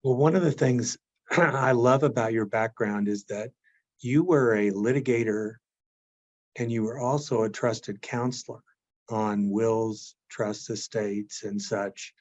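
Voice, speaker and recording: A man's voice: lowish voice, slow pace. A man interviewing a lawyer, asking polite, rambling questions with restarts. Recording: dull lo-fi sound.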